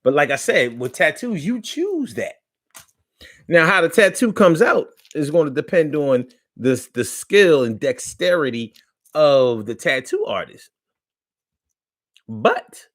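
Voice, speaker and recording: A man hosting a live online talk show in a casual, playful way, repeating phrases and reading viewer comments aloud. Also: fairly high pitch.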